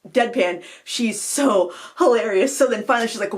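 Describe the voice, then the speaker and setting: A woman in her forties from Maine chats to camera as a craft vlogger. Her voice sits at an ordinary middle pitch. She rambles and breaks into laughter often. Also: normal speed, few pauses. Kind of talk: casual chat to camera.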